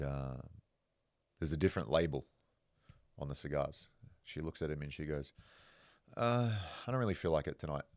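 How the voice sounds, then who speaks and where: A man's voice: very deep voice, no room sound, clean studio sound. A man hosting a podcast, telling stories casually, swearing freely and acting out the voices of the people he quotes. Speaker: podcast host. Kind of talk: casual storytelling.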